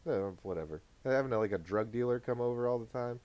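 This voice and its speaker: A man in his thirties co-hosts a casual podcast, talking fast in a mid-range, darkish voice. He rambles through a story packed with filler words and swearing.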